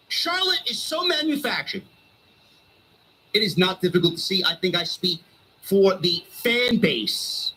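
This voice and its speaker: A man's voice: sits high, pushed and bright, slight background noise, low-quality recording. A male streamer delivering a heated, sarcastic wrestling rant full of swearing.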